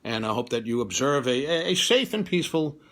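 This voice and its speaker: A man hosting a homemade comedy show, rambling in a deadpan way with lots of hesitant fillers. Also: a little high, brisk. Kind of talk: improvised comedy banter. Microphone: home webcast setup.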